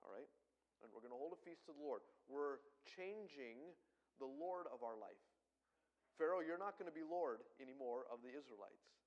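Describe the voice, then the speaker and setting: A middle-aged pastor with a medium-pitched voice preaches a sermon animatedly, swinging from loud emphasis to soft asides. The audio is dull.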